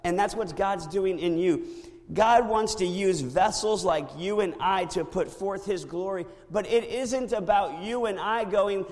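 A male pastor preaching a sermon in a church, animated and storytelling with impressions. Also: high voice, normal speed, long reverb tail.

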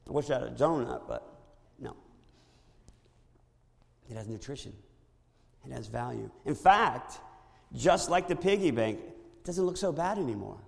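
A male pastor preaching a sermon in a church, animated and storytelling with impressions. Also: medium pitch, measured pace, vocal fry, long pauses, big-room sound.

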